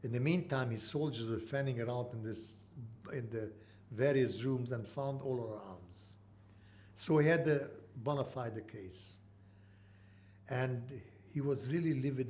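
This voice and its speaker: A man in his eighties from Mandatory Palestine, telling an oral history in halting speech with many pauses. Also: medium pitch, darkish tone, a little hiss or hum. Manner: halting, with frequent uh pauses and restarts. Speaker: interviewee.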